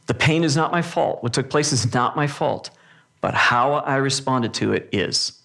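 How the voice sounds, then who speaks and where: A man's voice: mid-range voice, gravelly, fairly bright tone. A man preaching a sermon to a live audience, earnest and emphatic, often restarting his sentences. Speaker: pastor. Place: church or hall with a live audience.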